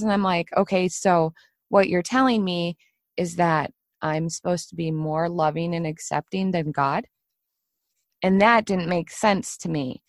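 Animated middle-aged woman podcast host. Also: lowish voice, no echo. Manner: animated storytelling, acts out quoted voices. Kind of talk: casual podcast conversation.

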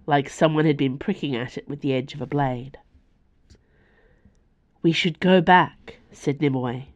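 An Australian woman reading her own serialized fiction aloud in a measured, expressive narration. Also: low voice. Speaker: author and podcast reader. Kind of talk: scripted narration.

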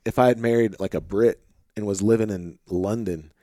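A man hosting a podcast with an Arkansas-tinged Midwestern accent, chatting in a relaxed, rambling way full of fillers, recorded in a home office. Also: on the low side, moderate pace, no echo, clean studio sound. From St. Louis, Missouri. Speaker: podcast host. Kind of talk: casual conversation.

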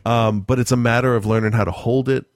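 A man chatting casually, swearing freely and telling stories with dark humor and frequent laughter. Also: mid-range voice, fairly even intonation, fast talker, dry recording. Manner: profane, darkly joking, laughs often. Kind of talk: casual chat.

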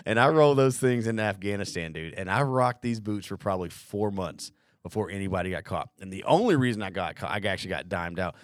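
A man's voice: deep voice, lively intonation, brisk, dry recording, studio quality. A man in his thirties hosting a casual podcast chat, telling a rambling army story full of swearing. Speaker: podcast host.

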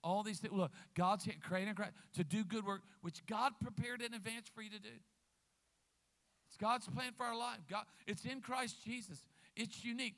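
A man preaching a sermon as a guest pastor, lively, calling out to the congregation. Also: very high-pitched. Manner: lively preacher, calls out to the crowd.

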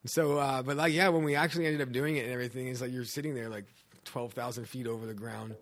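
A man's voice: medium pitch, steady tone, fast, a bit bright. Rambling young man telling a story. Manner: rambling, filler-heavy. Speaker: podcast guest, filmmaker. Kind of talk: casual storytelling chat.

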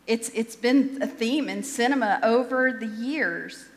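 A woman's voice: on the high side, unhurried, long reverb tail. A woman pastor giving a sermon in a conversational, self-deprecating way, often restarting her sentences.

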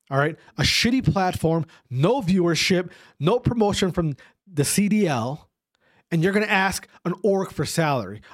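A man's voice: high voice, no room sound, studio quality. A young man delivering a heated, profane rant to his viewers, lecturing and repeating himself with frequent "all right?" checks. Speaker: esports commentator ranting to viewers.

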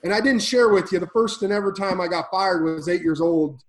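Guy with a highish voice telling his story on a podcast, fired up and preachy, gets loud then drops quiet. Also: fairly quick, poor audio. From Illinois. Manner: intense, preacher-like, swings between loud and hushed. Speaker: podcast guest. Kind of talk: emotional personal storytelling.

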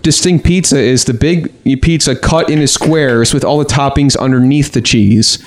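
A man's voice: medium pitch, normal speed, a little hiss or hum. A man from Chicago co-hosting a podcast, joking and rambling in crude casual banter. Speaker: podcast co-host.

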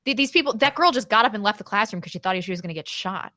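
Woman, podcast co-host, casual chat, sarcastic, laughs a lot, mid pitch, dry close mic. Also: expressive, very fast, bright, forceful tone, no echo. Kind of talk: casual chat, reading super chats.

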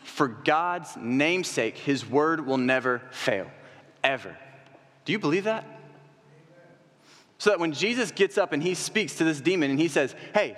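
A man's voice: on the high side, fairly bright tone. A man preaching a sermon to a church congregation, asking rhetorical questions and building to emphatic peaks. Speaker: young adult coordinator preaching. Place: church sanctuary. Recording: long hall reverb.

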